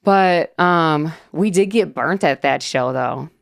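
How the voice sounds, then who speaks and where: Chatty low-voiced Wisconsin woman. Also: slow pace, vocal fry, no room sound, studio quality. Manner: chatty storyteller, acts out quoted voices. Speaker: podcast co-host. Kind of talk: casual chat.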